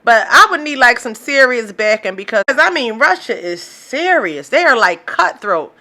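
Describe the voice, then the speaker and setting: Woman podcast host and minister, slightly high, bright voice, lively and preachy. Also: moderate pace. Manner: animated, preachy, joking, with laughs and African American slang. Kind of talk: casual solo podcast commentary.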